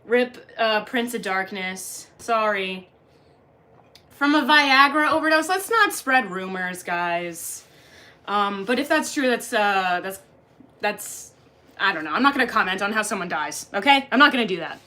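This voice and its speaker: A woman's voice: medium pitch, animated, measured pace, sharp tone. A woman livestreamer reading and answering chat in a jokey, crude, casual way. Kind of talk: casual live-stream chat.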